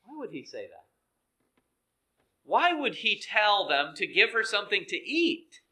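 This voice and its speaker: A man preaching a sermon, earnest and measured, dropping to soft, hushed phrases for emphasis. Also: sits high, very animated, rough recording. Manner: slow, earnest, with dramatic soft drops.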